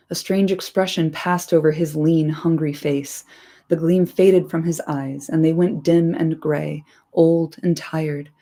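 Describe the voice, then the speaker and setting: A woman reading aloud with a lower voice. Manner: expressive, irreverent asides. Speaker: reader. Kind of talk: audiobook-style reading with casual asides.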